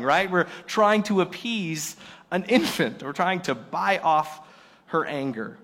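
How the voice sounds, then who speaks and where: Animated man preaching a sermon. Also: sits high, slow. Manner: animated, acts out little quoted scenes with shifting loudness. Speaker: pastor.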